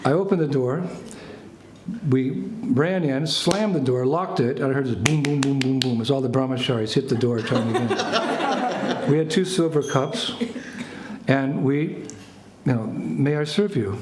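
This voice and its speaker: American man telling a lively story. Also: mid-range voice, normal speed. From United States. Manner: animated anecdotes, laughs, acts out French phrases. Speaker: spiritual teacher. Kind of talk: storytelling talk to a small group. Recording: echoey room with faint ambient noise.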